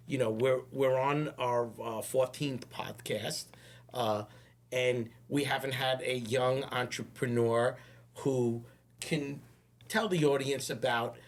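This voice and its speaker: Man, podcast host, husky voice, rambling, repeats himself, casual interview. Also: mid-range voice. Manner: rambling, repeats words, slows to stress points.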